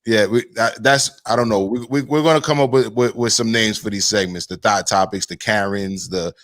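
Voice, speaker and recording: A man's voice: on the low side, moderate pace, fairly bright tone, no room sound. A man hosting a casual podcast chat, easygoing, moving between segments and reading viewer comments. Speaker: host.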